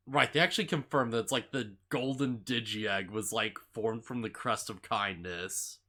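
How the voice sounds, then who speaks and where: A man chats casually on a podcast, retelling cartoon episodes in a loose, rambling way. His voice is bright and forward, at a middle pitch, and he keeps dropping in fillers and little laughs. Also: moderate pace, hardly any pauses. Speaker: podcast co-host. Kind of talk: casual anime recap chat.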